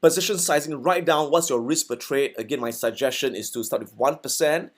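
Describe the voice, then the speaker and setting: Speaking fairly quickly in a medium pitch, this forex trading instructor gives a casual recorded lesson. His tone is conversational, and he regularly checks in with listeners by saying "okay" and "right."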